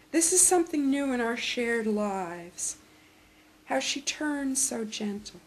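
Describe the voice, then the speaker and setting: Slow, measured older woman poet. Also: on the high side, rough recording. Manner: slow, measured and reflective delivery. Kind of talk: poetry reading.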